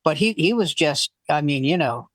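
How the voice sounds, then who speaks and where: Older comedian spinning animated anecdotes. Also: male voice, a little high, normal speed, no room sound. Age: 70s or older. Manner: animated storyteller who acts out quoted voices. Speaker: veteran comedian guest. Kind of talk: casual anecdote telling.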